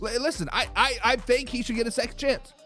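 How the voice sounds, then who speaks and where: A man's voice: very high voice, brisk, pushed and bright, soft background music. Man, livestream sports host, casual, rambling, reads chat aloud. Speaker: sports talk show host.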